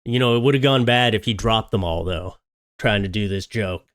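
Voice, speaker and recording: A man's voice: fairly low pitch, normal speed, a bit bright, smooth, no room sound, studio quality. A man hosting a comedic reaction commentary on viral videos, joking with sarcastic asides.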